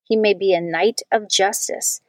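A woman giving a measured, solemn reading of scripture and prayers. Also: mid-range voice, steady tone, no room sound. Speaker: scripture reader.

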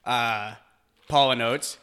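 Bright-voiced joking podcast man. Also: mid-range voice, fairly even intonation, slow, clear, resonant tone. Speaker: podcast co-host. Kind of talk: casual chat.

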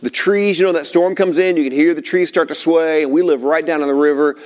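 A middle-aged man preaching to a room of listeners at tables, telling a story in a lively way and acting out the lines he quotes. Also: on the high side, fairly quick. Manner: animated storyteller, acts out shouted quotes. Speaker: pastor. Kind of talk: sermon with personal story.

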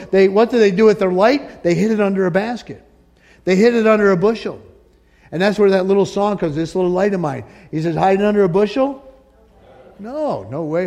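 High-voiced man preaching in an echoing church. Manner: animated, jokey preaching with acted-out quotes. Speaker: pastor. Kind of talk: sermon. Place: church sanctuary.

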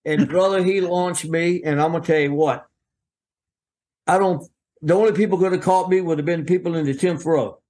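An older man spins a rambling, folksy story as a guest. His voice sits a little high, and he jumps into quoted voices as he goes. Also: fairly even intonation, moderate pace, a little mellow. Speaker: guest, veteran wrestling referee.

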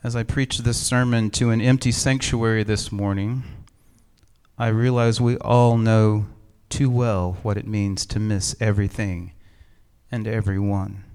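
A middle-aged man, a pastor, preaching a sermon in an empty church sanctuary, with measured, reflective storytelling and gentle humor. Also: lowish voice, flat delivery, clear, resonant tone.

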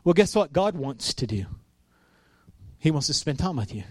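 A man in his thirties gives a chatty sermon in a fairly high voice, telling stories and acting out the voices in them. His delivery is animated, and the sound is close and dry. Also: normal speed, dry recording. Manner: storytelling, animated, acts out quotes. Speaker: pastor. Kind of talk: conversational sermon.

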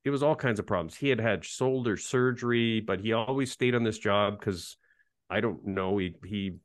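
As a guest in a casual interview, an ergonomics professor in his fifties tells animated, self-deprecating stories about his work. His voice is on the low side at a normal speed, recorded with clean studio sound and no room noise.

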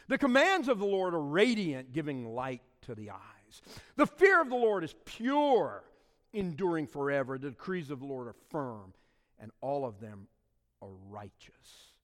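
A middle-aged man preaching a sermon, swinging between loud declarations and quiet asides. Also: medium pitch. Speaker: pastor. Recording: long reverb of a large hall.

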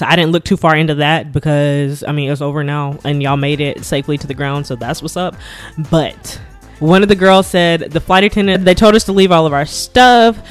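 Woman, podcast host, solo casual chat, very fast talker, awkward giggles, faint background music. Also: deep voice. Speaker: podcast host, flight attendant. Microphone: podcast mic at a laptop setup.

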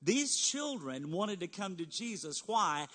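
A pastor delivering an earnest sermon in a high, lifted voice. He speaks directly to the congregation and leads them to repeat lines with him. A long reverb from the church hall rings around every phrase. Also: big pitch swings, measured pace, fairly bright tone. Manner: earnest preaching, addresses listeners as friend, leads the congregation.

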